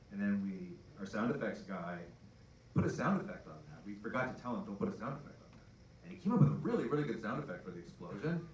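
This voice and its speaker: A man talks casually and with enthusiasm on a panel stage, tripping over his words as he goes. His voice is fairly low. The sound comes from a distance in an echoey hall. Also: slight background noise. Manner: rambling, enthusiastic, many restarts. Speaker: filmmaker on a film panel. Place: event hall with audience. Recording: echoey hall, mic heard from afar.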